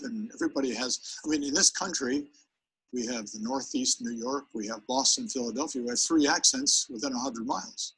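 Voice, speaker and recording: A sales presentation trainer runs a live seminar in a gravelly, rough-edged voice of medium pitch, full of energy and often turning to the crowd. Like a workshop coach, he is lively, demonstrative and direct with the audience, though the audio is poor.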